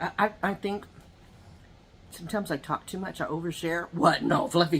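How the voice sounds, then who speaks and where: A woman's voice: lowish voice, moderate pace, breathy edge. A woman vlogger chatting to her viewers while eating at home, telling rambling, gossipy stories full of asides. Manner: talks to viewers directly. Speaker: mukbang vlogger. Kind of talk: casual chat while eating.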